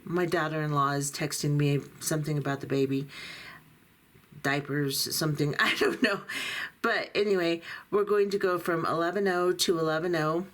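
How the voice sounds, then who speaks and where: A woman with a slightly low voice talks a viewer through a beading project step by step. She is middle-aged or older and speaks in a patient, practical way while her hands stay busy with the work. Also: fairly even intonation, moderate pace. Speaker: beading tutorial host. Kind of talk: step-by-step craft instruction.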